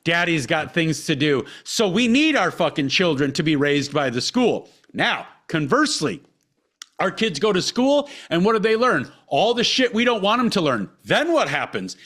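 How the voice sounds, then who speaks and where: A man's voice: on the high side, sing-song, moderate pace, a bit bright. A man co-hosting a podcast, ranting heatedly and profanely with lots of repetition. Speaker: podcast co-host.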